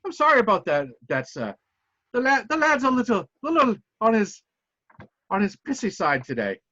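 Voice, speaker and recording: A man's voice: sits high, huge pitch swings, moderate pace, pushed and bright, dull audio, voice pushed up, heavily acted. A man voicing a firm, commanding Scottish café owner with a Scottish accent. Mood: apologetic. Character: stern older male Scottish café owner.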